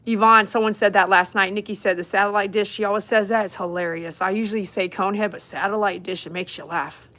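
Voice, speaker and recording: Her mid-range voice is steady, bright and forceful, moving quickly with barely any pauses. This dog groomer and vlogger from St. chats casually to her dogs and laughs readily in a phone-recorded home vlog, set in her house and backyard during winter.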